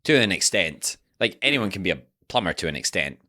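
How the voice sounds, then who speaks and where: A man's voice: deep voice, big pitch swings, a little fast, pushed and bright. A Scottish man hosting a podcast, joking and swearing in casual chat. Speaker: podcast host.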